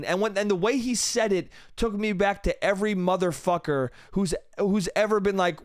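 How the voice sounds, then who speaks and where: A man's voice: sits high, normal speed, hardly any pauses, no room sound. A young man hosting a solo comedy podcast, telling an exasperated, profane story close to the mic and mimicking people he quotes. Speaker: podcast host.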